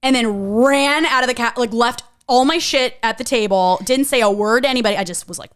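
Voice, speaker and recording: Frank, animated young woman storyteller. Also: fairly high pitch, brisk, clean tone, no room sound, studio quality. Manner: animated, frank, swears and laughs while telling a story. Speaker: podcast co-host. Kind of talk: casual personal storytelling.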